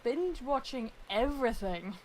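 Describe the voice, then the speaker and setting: A woman speaks on a casual voice call in a slightly high voice. She is measured and careful, softening her points as she goes. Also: animated. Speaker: guest. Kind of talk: casual interview over voice chat. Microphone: computer mic on a voice call.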